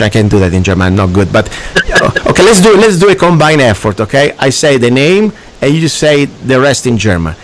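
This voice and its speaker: A man's voice: medium pitch, very animated, normal speed. A man with an Italian accent hosting a radio talk show, ranting emphatically in broken English. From Italy.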